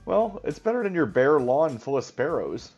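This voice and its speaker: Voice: mid-range voice, very animated, moderate pace, darkish tone, breathy edge, faint music behind. Dry, teasing co-host on a muffled line. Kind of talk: casual banter.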